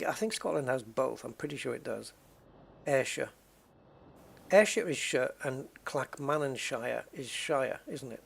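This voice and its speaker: A man with a fairly high-pitched voice talks casually while he plays a game. He rambles from one thought to the next and often starts his sentences over. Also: creaky. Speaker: game streamer. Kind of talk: casual chat while gaming.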